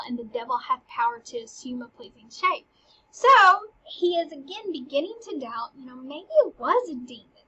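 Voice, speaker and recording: A woman's voice: sits high, a bit bright, breathy edge. A woman teaching a play, mixing slangy paraphrase with dramatic readings of the lines. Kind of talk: casual lecture paraphrasing a play. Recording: dull lo-fi recording.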